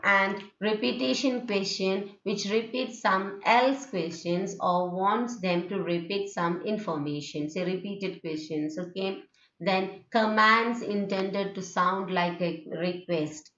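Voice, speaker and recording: A woman teaching a class on intonation, walking through examples one by one and filling pauses with "okay". Her voice carries a roomy echo and comes through dull and lo-fi, at an ordinary pitch for a woman. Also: a bit bright. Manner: explanatory, frequent "okay" fillers, reads examples aloud. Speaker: English teacher. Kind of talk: lecture on intonation. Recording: echoey room, dull lo-fi sound.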